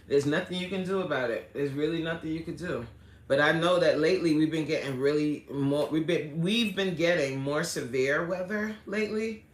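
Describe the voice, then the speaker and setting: A woman hosting a casual livestream, chatting with viewers and reading out their comments in animated, slangy talk, laughing often. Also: sits low. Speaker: livestream host. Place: indoor room at home. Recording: roomy echo.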